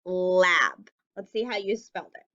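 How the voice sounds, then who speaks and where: A woman leads a phonics lesson for young children, sounding out each word slowly and spelling it letter by letter. Her voice is bright and carefully enunciated, and the recording is dull and lo-fi. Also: on the low side, animated. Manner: drawn-out, clearly enunciated words, spelling letters out. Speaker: teacher.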